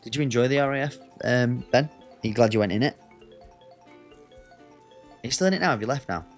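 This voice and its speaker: There's faint music behind this fairly quick, medium-pitched male voice. He's from Northwest England and keeps up casual, sweary chatter and banter with his audience while streaming a racing game.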